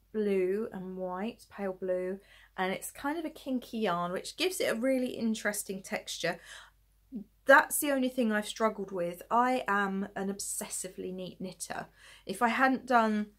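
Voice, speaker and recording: A woman with a mid-range, fairly bright voice hosts a knitting podcast, chatting loosely late at night while holding her work up to the camera. Tired and yawning, she wanders from topic to topic, giggles, and pokes fun at herself.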